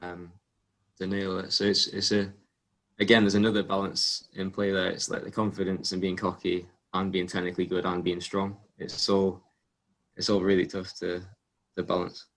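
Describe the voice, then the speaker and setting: A young man from England speaks as a guest in a casual interview. His voice sits somewhat low and stays fairly flat in pitch. He tells stories in a relaxed way, with plenty of ums and small restarts. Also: moderate pace. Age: young adult. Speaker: guest athlete.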